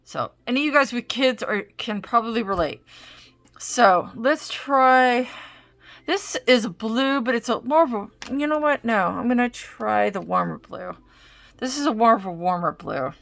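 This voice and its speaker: Slow, chatty woman demoing art supplies. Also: on the high side, lively intonation, creaky, a bit bright. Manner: chatty, rambling, self-interrupting. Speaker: art supplies video host. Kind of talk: casual crafting demo talk. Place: home craft desk.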